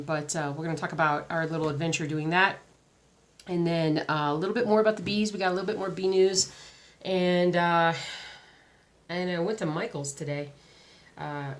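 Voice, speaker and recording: A woman with a sore throat and a weak voice, chatting casually and rambling with lots of fillers as a craft vlogger. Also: low-pitched. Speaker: cross stitch vlogger. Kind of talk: casual chat.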